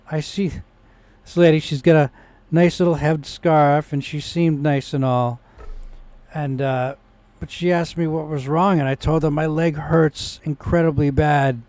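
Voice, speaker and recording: Guy rambling thru a personal story, highish voice, gets worked up sometimes. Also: darkish tone, no room sound. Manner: rambling, with restarts and rising indignation. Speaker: vlogger.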